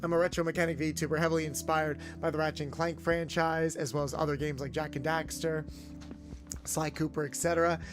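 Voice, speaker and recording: Chatty male streamer, fairly high voice. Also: brisk, music in the background. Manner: chatty, animated, in-character garage mechanic patter. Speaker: VTuber streamer. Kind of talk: casual livestream chat.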